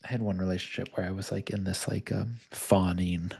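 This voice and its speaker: A man hosting a live video call session, calmly coaching a participant and talking openly about his own past. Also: deep voice, fairly quick, creaky, breathy edge. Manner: calm, reflective, speaks of own past openly.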